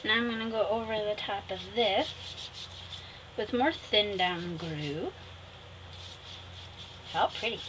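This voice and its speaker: A woman's voice: medium pitch, slow, pauses often. A woman chatting casually through a craft tutorial, talking fondly to her viewers and laughing at herself. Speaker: craft vlogger. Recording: noticeable background noise.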